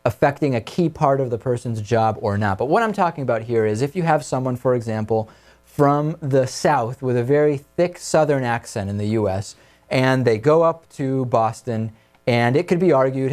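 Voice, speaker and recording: Talk-show host leading casual banter. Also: male voice, medium pitch, darkish tone. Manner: conversational, leading the discussion with quick restarts.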